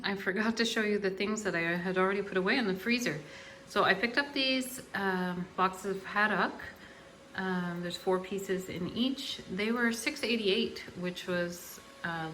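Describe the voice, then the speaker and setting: A middle-aged woman hosts a casual grocery haul vlog, chatting in an unhurried way with many ums and uhs. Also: medium pitch, pushed and bright, a little hiss or hum. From Canada. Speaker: host.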